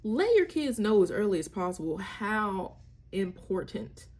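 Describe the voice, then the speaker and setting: Sing-song and unhurried, this mid-range, darkish female voice belongs to a young mother offering parenting tips in a casual vlog. She talks candidly and wryly, uses slang, and breaks into playful voices.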